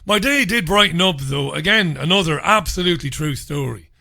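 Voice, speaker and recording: A man, hosting a radio show and telling a comic story in an animated, sardonic, swearing way from a studio. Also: fairly high pitch, fairly quick, creaky. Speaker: radio host.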